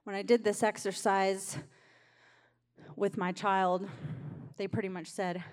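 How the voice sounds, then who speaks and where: A woman pastor's steady, medium-pitched voice moves a little slowly through her sermon in a church sanctuary. She talks with the congregation conversationally, encouraging them onward, and a long reverb hangs in the hall.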